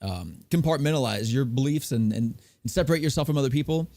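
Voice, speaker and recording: A man's voice: medium pitch, expressive, fast talker, mellow, no room sound. A man hosting a casual podcast chat, rambling with lots of fillers and restarts. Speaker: podcast host.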